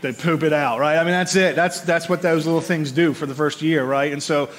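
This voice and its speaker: A man preaching a conversational sermon, animated and often checking in with his listeners by asking "right?", repeating words as he builds his points. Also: a little high, a little fast. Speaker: pastor.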